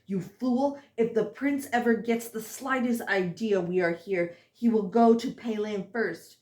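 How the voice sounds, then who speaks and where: A fiery young heroine on the run, as read by a woman narrator, delivering sharp, scolding lines at an unhurried pace. The reading has a mid-range pitch, and the room adds a clear echo. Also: lightly acted. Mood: angry. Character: fierce young woman fugitive, hot-tempered.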